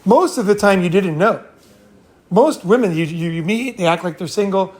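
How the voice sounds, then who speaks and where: High-voiced man telling rambling stories. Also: animated, normal speed, darkish tone. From California. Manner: rambling, laughing, swearing freely. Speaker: host. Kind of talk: casual storytelling and advice.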